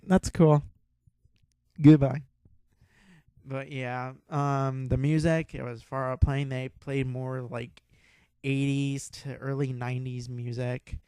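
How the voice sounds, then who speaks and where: A young man hosting a podcast, telling a rambling, excitable story with a lot of swearing and laughter. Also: mid-range voice, smooth, no room sound. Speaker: podcast host. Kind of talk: casual storytelling.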